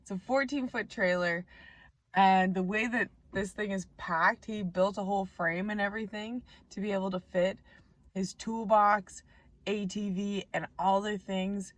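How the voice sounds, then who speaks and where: A young woman with a naturally raspy voice, rambling and joking about herself in a casual vlog. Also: medium pitch, steady tone, a little slow, no room sound. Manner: rambling, chatty, self-mocking. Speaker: vlogger. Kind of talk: casual chat to camera. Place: Canada.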